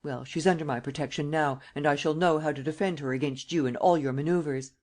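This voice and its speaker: A man's voice: on the high side, fairly even intonation, a little fast, a little mellow, natural voice. A male narrator voicing an anxious old woman who pleads and frets over her granddaughter. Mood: alarmed. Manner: tearful, imploring.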